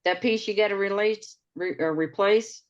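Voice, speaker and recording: A woman's voice: medium pitch, normal speed, lo-fi sound. A woman asking a hesitant question in a casual chat. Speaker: meeting participant.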